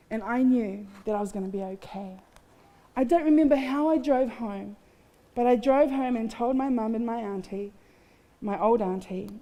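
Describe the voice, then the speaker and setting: A woman's voice: a little high, dark tone. A woman giving a candid, heartfelt personal testimony with touches of self-mocking humor at a festival. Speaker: guest speaker. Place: festival stage in a large hall. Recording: long hall reverb.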